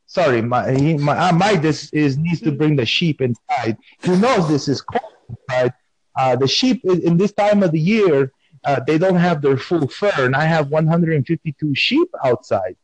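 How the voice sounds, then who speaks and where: A man's voice: on the high side, expressive, normal speed, dry recording, low-quality recording. A man hosting a podcast in a casual, playful, rambling way, talking with mock seriousness. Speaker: podcast host.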